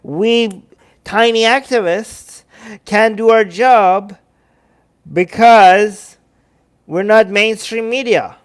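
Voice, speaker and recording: High, smooth-voiced man hosting a livestream. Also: extremely slow, long pauses. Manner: animated, restarts often, reads chat aloud. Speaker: livestream host. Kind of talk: casual livestream commentary.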